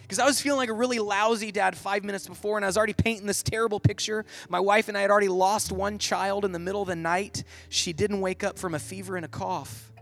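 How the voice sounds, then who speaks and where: A man's voice: sits high, gravelly, a bit bright. A middle-aged man telling a personal story in a sermon, then leading into prayer, earnest and vivid with lots of "like". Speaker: Catholic speaker.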